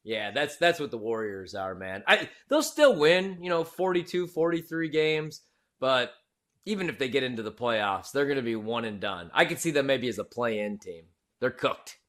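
A man's voice: mid-range voice, sing-song, moderate pace, fairly bright tone. A man co-hosting a sports podcast who gives his opinions in a casual, slangy way. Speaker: podcast co-host.

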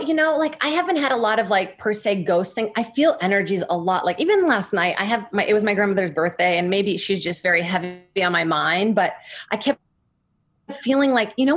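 A woman chatting casually as a guest, rambling with easy laughs. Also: mid-range voice. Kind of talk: casual chat.

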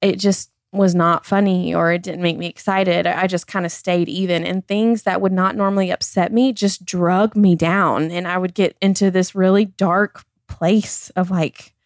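A woman's voice: lowish voice, steady tone, normal speed, hardly any pauses, no room sound. A woman in her thirties speaks as a podcast guest in an open, earnest way. She leans on "like" and "I feel like" as she talks. Her voice is recorded close, with no room sound. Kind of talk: candid personal conversation.

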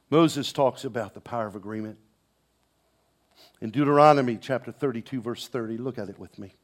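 A man preaching a sermon, swinging between loud proclamation and hushed, intense passages, with conversational asides and repeated words. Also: mid-range voice, normal speed. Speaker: pastor.

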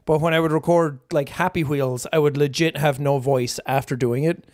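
A man's voice: on the high side, moderate pace, no room sound, clean studio sound. A young man co-hosting a podcast, talking casually and animatedly, prone to slipping into impressions. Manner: chatty, animated storyteller who breaks into impressions. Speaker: podcast co-host. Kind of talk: casual chat.

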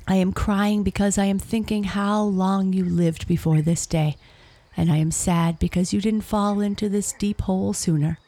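A woman's voice: mid-range voice, steady tone, mellow, no echo, natural voice. A woman voicing a cunning, cruel male fox who mocks and gloats over his trapped friend. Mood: jeering. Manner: jeering, drawn-out taunts.

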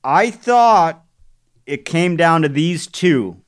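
A man's voice: a little high, takes it slowly, clean tone, no room sound, clean studio sound. Man telling stories in casual chat. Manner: storytelling, laughs often, animated when telling anecdotes. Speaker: podcast co-host. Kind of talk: casual chat about crossword puzzles.

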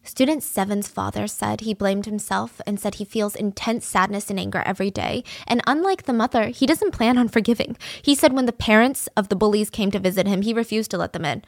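A woman's voice: medium pitch, a little fast, creaky, hardly any pauses, no echo, studio quality. A woman hosting a show, retelling a true-crime case in a casual, indignant way with plenty of fillers.

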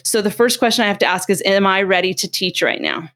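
A woman's voice: medium pitch, fast. A middle-aged woman, a parenting expert, explaining in a conversational way and acting out quotes as she tells stories. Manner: animated storytelling, acts out quotes.

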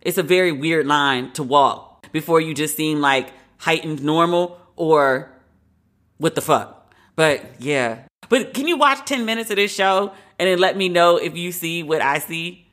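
A woman's voice: deep voice, unhurried, fairly bright tone. A woman hosting a podcast, giving her frank opinions in a casual, conversational way. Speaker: podcast host.

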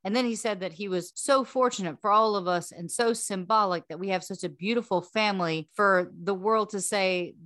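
A woman's voice: mid-range voice, moderate pace, few pauses, fairly bright tone, no room sound, studio quality. A woman hosting a podcast, telling a story in a casual, chatty way with frequent laughs and repeated words. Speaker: podcast host.

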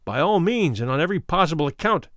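A man voicing a smooth, worldly and ruthless male doctor who talks in a coolly persuasive, condescending way. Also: on the high side, expressive, fast, a bit bright, no room sound, clean studio sound.

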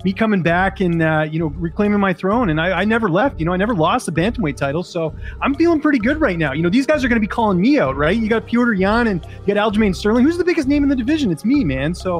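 A swaggering, defiant fighter, as a man impersonates him, boasting loudly in a high, fast voice. He piles on "you know" and "man" between his brags. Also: animated, faint music behind. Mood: boastful. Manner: loud, swaggering, filler-heavy, keeps saying man. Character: brash cocky male fighter, defiant boaster.

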